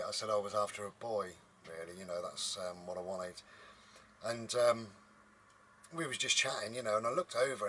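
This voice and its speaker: A man's voice: on the low side, bright, forceful tone, a little hiss or hum. A man telling a story to camera in a rambling, casual way, with many ums, inside a motorhome. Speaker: vlogger.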